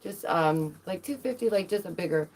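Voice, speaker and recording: A woman's voice: lowish voice, animated, normal speed, a little mellow, slight background noise. A woman streaming live, chatting casually to her viewers in a rambling way, with lots of fillers and restarts.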